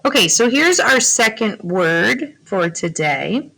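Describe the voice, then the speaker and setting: A woman's voice: mid-range voice, big pitch swings, takes it slowly, creaky, bright, forceful tone, rough recording. A woman teaching a phonics lesson to young students, patiently asking questions and answering them herself. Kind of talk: slow classroom phonics lesson.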